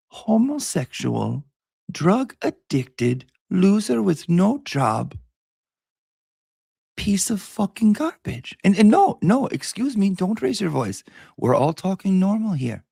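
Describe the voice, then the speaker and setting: A man's voice: on the high side, gravelly, dark tone, slightly rough, dry recording, heavily acted. A man voicing a hostile woman from abroad who insults people while insisting she is being respectful, in a sneering, condescending manner. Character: nasty foreign woman, fake-polite bully. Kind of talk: storytelling impression.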